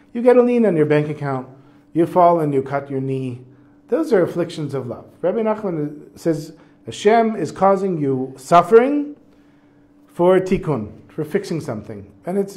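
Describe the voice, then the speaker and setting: A man teaches a religious text class. His voice sits a little high, and he reads lines aloud before turning to easygoing spoken explanation. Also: dark tone. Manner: casual, reads Hebrew passages then translates. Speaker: Torah teacher.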